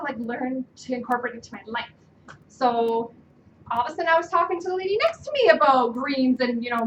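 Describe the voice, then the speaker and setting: A woman giving an animated personal testimonial at a team training meeting, acting out dialogue with bursts of excitement. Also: high-pitched, a little hiss or hum. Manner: animated, acts out dialogue loudly. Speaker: team member sharing her story. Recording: echoey room, from a distance.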